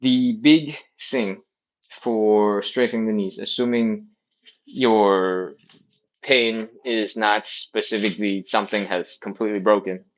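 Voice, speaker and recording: A man's voice: on the low side, fairly even intonation, unhurried, highs cut off. A man teaching a live stretching class, explaining casually with plenty of tangents. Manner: rambling explanations with many tangents. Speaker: stretching instructor. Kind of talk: casual live-stream coaching.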